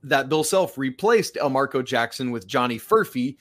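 A man's voice: mid-range voice, expressive, moderate pace, a bit bright. A man co-hosting a sports podcast, running through basketball results in an upbeat, casual way. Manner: upbeat, chuckles between stats.

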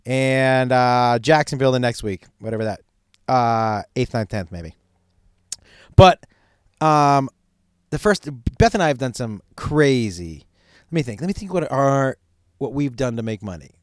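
A middle-aged man telling a profane, animated comedic story about his son. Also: mid-range voice, unhurried, smooth, dry recording, clean studio sound. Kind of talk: stand-up style storytelling.

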